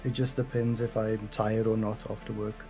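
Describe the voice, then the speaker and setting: A man's voice: fairly low pitch, flat delivery, moderate pace, mellow, faint music behind, rough recording. A man with a South African accent, a guest on a video call, talking shyly and sounding nervous. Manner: shy and bashful. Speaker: guest streamer on a date. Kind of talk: casual video-call chat. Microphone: video call microphone.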